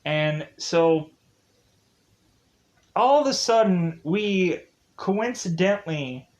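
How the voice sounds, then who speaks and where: A man's voice: high voice, animated, slow pace, darkish tone. A man casually retelling comedy sketches in a rambling spoken review, full of fillers and bursts of laughter. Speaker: show reviewer.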